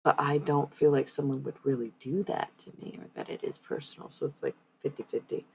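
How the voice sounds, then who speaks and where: A woman's voice: sits low, fairly even intonation, fairly quick, gravelly, faint music behind, poor audio. A woman livestreaming oracle card readings, chatting loosely with viewers, using many fillers and swearing bluntly. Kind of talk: casual live-stream chat with viewers.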